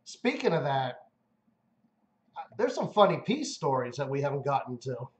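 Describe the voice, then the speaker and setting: A man's voice: medium pitch, very animated, normal speed, roomy sound, slight background noise. A man co-hosting a casual live stream, telling crude stories in a rambling, jokey way with lots of restarts.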